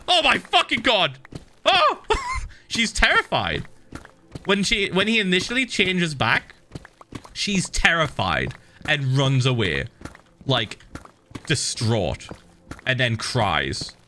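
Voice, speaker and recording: A man's voice: on the high side, sharp tone, slight background noise. A man streaming a game, chatting casually and animatedly, swearing and laughing often. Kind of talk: casual livestream chat while gaming.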